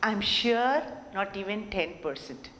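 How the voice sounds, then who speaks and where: A woman's voice: mid-range voice, a little slow, in a large hall, a little hiss or hum. A woman teaching communication skills to college students, asking the class questions and acting out different tones as examples. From India. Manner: lively, asks the class questions and demonstrates tone changes. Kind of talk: online lecture to college students.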